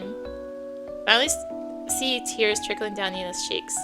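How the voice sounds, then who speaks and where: A woman hosting a let's play, reading a visual novel aloud with steady expression, game music behind. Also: fairly high pitch, moderate pace.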